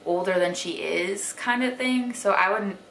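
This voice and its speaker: A chatty young woman from Wisconsin talks casually to her camera at a medium pitch, scattering "like" and "um" as she goes. Her voice bounces around an echoey room, and a faint hum of ambience sits underneath. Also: a bit bright. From Wisconsin, USA. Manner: chatty, lots of "like" and "um", drawn-out words for emphasis. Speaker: vlogger.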